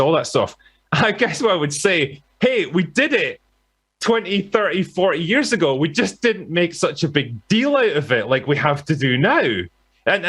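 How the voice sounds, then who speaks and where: A man's voice: fairly high pitch, a bit bright, husky. A British man talking about films in a podcast chat, with many fillers and restarts. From Britain. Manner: halting, filler-heavy. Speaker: film commentator guest. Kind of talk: podcast conversation.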